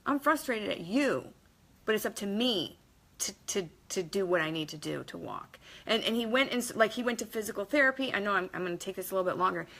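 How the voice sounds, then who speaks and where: Here a motivational vlogger gives an emphatic, blunt pep talk to camera, casual and mildly profane, acting out quotes in assorted voices. Her medium-pitched voice is animated, fairly quick, gravelly and fairly bright.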